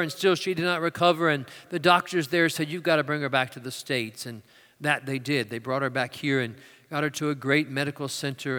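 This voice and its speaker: A preacher with a bright, fairly high voice delivers a sermon in a large church sanctuary. He moves from loud, emphatic declarations to quiet storytelling, and a long reverb trails each phrase.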